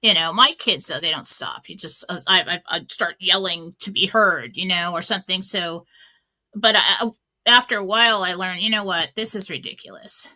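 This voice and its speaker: A woman's voice: on the low side, normal speed, pushed and bright. A middle-aged woman hosting a radio talk show, telling stories in a chatty way, full of fillers and restarts. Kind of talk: casual inspirational talk.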